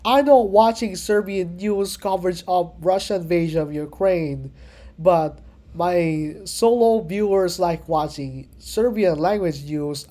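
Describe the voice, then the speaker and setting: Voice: medium pitch, dark tone. A vlogger ranting to camera in loose, disjointed phrasing that keeps circling back, with greetings in other languages sprinkled in. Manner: rambling, disjointed phrasing that loops back on itself. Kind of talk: rambling rant to camera.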